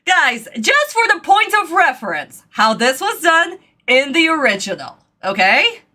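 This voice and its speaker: A woman hosting a casual reaction video at home, her voice high and bright. She is excitable and exclamatory, slipping into rambling apologies, yet her phrasing is unhurried. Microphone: desk microphone.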